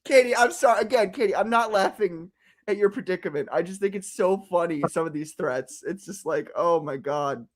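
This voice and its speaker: A man's voice: high-pitched, moderate pace. A man from the United States hosting a casual livestream chat, ranting profanely and laughing often. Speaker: podcast host.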